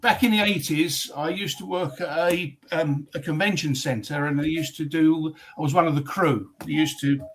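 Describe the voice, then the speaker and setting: A man's voice: on the high side, normal speed, few pauses, a little hiss or hum, poor audio. An English man, a guest on a casual chat stream, telling stories with lots of ums and restarts. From England. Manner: rambling, hesitant storyteller with many ums.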